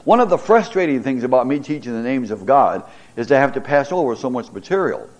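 A middle-aged man, a pastor, teaching a Bible class, reading scripture dramatically and pausing with fillers and repeated words. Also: mid-range voice, big pitch swings, darkish tone.

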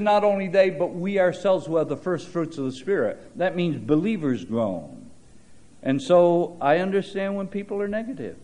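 A male preacher delivering a sermon in a slightly higher than usual voice. He mixes scripture with folksy anecdotes and dry humor, slowing down and swelling in volume to stress a point. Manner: shifting pace and loudness for emphasis.

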